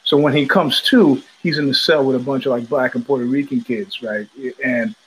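A man hosting a podcast, telling a story in a loose, animated way and acting out the voices of the people in it. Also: mid-range voice, moderate pace, a little hiss or hum, poor audio. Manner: animated, profane, acts out quoted voices. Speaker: podcast host. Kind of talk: casual storytelling monologue. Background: child heard in the background.

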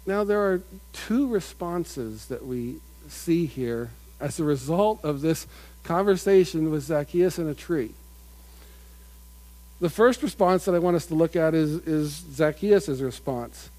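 A middle-aged man preaching a sermon in an earnest manner, building to loud emphatic peaks and dropping to quiet asides. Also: on the high side, animated, a little slow, low-quality recording. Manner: earnest, builds up with rising emphasis, mimics crowd voices.

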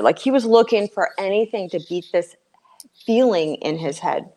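Warm and animated at medium pitch, a middle-aged woman tells her personal story as a guest. She speaks earnestly but haltingly, with frequent fillers and restarts.

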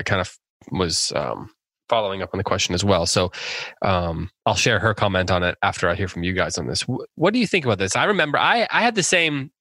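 A man with a low voice hosts a casual book-club podcast, reading listener questions aloud in a relaxed, meandering way. There's no room sound.

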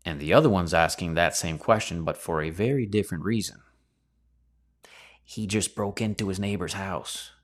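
A man's voice: sits low, normal speed. A man teaching scripture verse by verse on a podcast, conversational and full of rhetorical questions. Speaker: podcast preacher.

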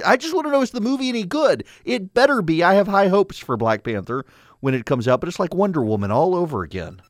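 A man hosting a talk radio show, sarcastic and animated, laughing at his own jokes. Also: fairly high pitch, no echo, studio quality. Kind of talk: conservative talk radio monologue. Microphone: studio microphone.

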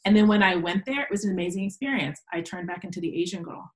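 Animated woman telling a story. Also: quick pace, rough recording. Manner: animated storyteller, acts out quoted voices in a higher pitch. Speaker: podcast guest, educator. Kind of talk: casual storytelling interview.

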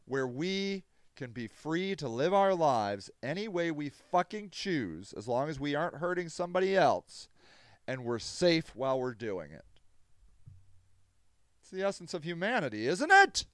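A man hosting a podcast, reading news articles aloud and ranting about them in a heated, profane way, with sudden loud bursts of anger. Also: a little high, big pitch swings, smooth, no echo, clean studio sound. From Akron, Ohio. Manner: quick flashes of anger, loud outbursts. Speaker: podcast host.

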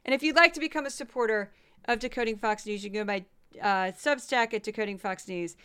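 A woman's voice: a little high, quick pace, fairly bright tone, smooth. A tired woman hosting a solo podcast, chatting through statistics with self-deprecating asides. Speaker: podcast host. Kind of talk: casual solo podcast commentary.

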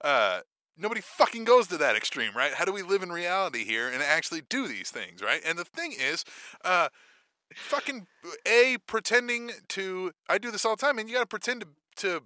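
A man's voice: high-pitched, normal speed, no echo, studio quality. A man co-hosting a podcast in casual, profane chat, often tagging his points with "right?". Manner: animated, profane, punctuates with "right?". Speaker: podcast co-host.

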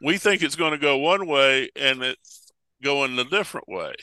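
A pastor talking over preaching texts in casual conversation, a folksy storyteller who acts out the voices of Bible figures. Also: male voice, medium pitch, normal speed, bright, forceful tone, clear, resonant tone, no room sound.

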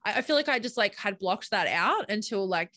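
A young adult Australian woman co-hosts a relaxed podcast conversation. Her voice is bright and forward. It is recorded close and dry, and she rambles happily with plenty of "like" and "um". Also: mid-range voice, normal speed, no room sound. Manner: chatty, lots of "like" and "um". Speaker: podcast co-host. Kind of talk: casual chat.

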